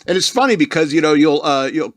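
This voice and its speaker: A man hosts a podcast in a loose, rambling comedic monologue. His voice sits a little high and swings widely as he riffs, and he laughs often. The sound is close and dry, with no room around it. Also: expressive, quick pace, no room sound. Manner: puts on mocking voices for quotes. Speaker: podcast host.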